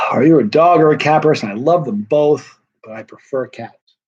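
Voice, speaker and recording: Answering viewers on a live stream, a middle-aged man rambles casually and self-deprecatingly, seeming both worn out and wired. He speaks at a normal speed in a slightly high voice, and the recording sounds muffled.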